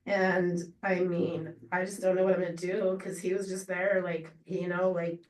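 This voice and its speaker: A woman giving an unscripted memorial tribute to a friend, halting and rambling with many fillers and restarts. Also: on the low side, level tone, darkish tone. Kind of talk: emotional unscripted memorial speech. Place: memorial gathering room. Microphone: distant laptop or room mic on a video call. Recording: roomy, distant video-call audio.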